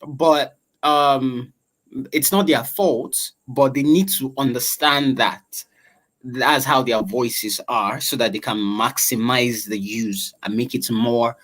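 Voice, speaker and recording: A man with a velvety voice explaining vocal textures in an online voice-over class, unhurried and full of fillers. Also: medium pitch, fairly bright tone, poor audio. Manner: explanatory, drawn-out, filler-heavy. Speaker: voice-over coach.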